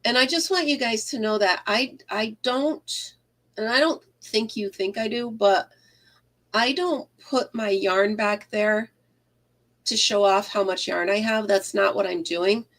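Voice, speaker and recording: Slow, chatty woman crocheting live. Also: medium pitch, a bit bright. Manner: rambling, chatty, greets viewers by name, laughs often. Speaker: crochet livestream host. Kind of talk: casual livestream chat while crocheting. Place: craft room at home.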